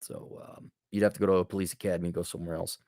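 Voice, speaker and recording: A man's voice: deep voice, flat delivery, racing, a little mellow, dry recording, studio quality. A man hosting an advice podcast, talking bluntly and sarcastically in a casual monologue. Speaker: podcast host giving advice.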